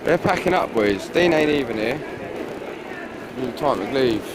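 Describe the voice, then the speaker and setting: A man's voice: mid-range voice, expressive, measured pace. A man, a livestreamer teasing and questioning people in a street. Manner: mocking, teasing banter. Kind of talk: confrontational street interviewing. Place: outdoors on a city street. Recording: loud traffic noise outdoors.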